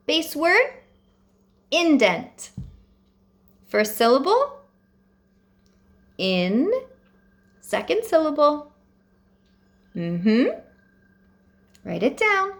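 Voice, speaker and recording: A woman teaching young students a phonics lesson, dictating words slowly and carefully with deliberate pauses. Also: high-pitched.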